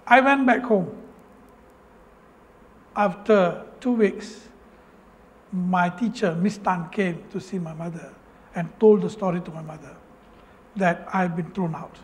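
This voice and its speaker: A man's voice: sits high, slow, long pauses. A man from Penang with a Malaysian English accent, telling his own life story in an earnest, emotional way, often breaking off and repeating phrases. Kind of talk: personal story speech.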